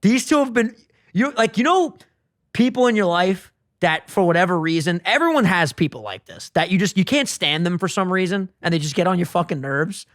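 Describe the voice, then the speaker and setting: High-voiced man, animated casual storyteller. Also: brisk, no echo, studio quality. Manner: animated storyteller, swears a lot, acts out the quoted voices. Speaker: podcast co-host. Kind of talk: casual chat, retelling a TV scene.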